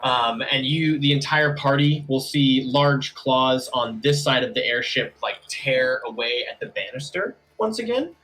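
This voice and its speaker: A man's voice: mid-range voice, expressive, a little slow, few pauses, a bit bright, rough recording. A man narrating as game master, casual, with many fillers.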